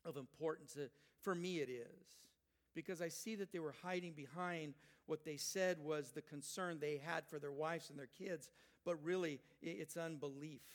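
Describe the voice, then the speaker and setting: An older man, a grandfather, preaching a sermon; he speaks emphatically, rising loud when voicing people and dropping soft for reflective asides. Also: fairly high pitch. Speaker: pastor.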